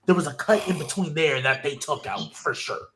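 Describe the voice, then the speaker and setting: A man hosting a casual wrestling podcast, his fairly high voice swinging widely in pitch as he rambles through his opinions. He restarts his sentences often and keeps the delivery animated and chatty. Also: normal speed, crowd noise. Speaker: podcast host.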